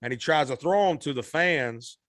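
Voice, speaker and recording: Animated storytelling man, slightly high voice. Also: normal speed, no echo, studio quality. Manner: animated, acts out quoted voices. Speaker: singer guest. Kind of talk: storytelling in a podcast interview.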